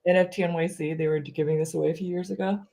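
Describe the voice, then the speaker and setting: A woman hosting a casual livestream chat, playful and quick to giggle. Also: fairly low pitch, fairly even intonation, vocal fry, dark tone, a little hiss or hum. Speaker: host.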